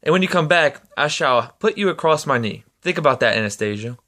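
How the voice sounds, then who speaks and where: A commanding young lover who keeps his voice low and hushed, dragging out each word , as a man reading aloud puts him on. He sounds calm and in control, never raising his voice. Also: a little fast.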